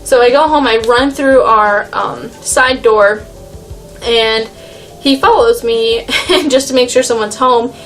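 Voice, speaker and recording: Young woman vlogger, casual storyteller, fillers everywhere, highish voice, faint music behind. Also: steady tone, takes it slowly, fairly bright tone. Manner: rambling, lots of "like" and "um".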